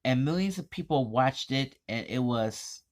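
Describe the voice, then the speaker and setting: A man vlogging an indignant commentary, reading text aloud in a halting, stumbling way. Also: mid-range voice, lively intonation.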